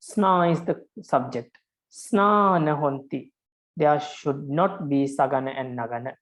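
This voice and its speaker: A man's voice: fairly high pitch, measured pace, fairly bright tone, poor audio. A man, a Buddhist monk, teaching a lecture on verse meter, patiently repeating each point with frequent hesitations.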